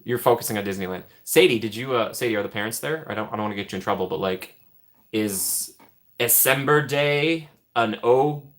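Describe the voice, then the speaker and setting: This young streamer talks at a quick pace in a fairly low voice, keeping his replies to viewers loose and conversational. He laughs frequently and often lets the ends of his thoughts drop into a mumble.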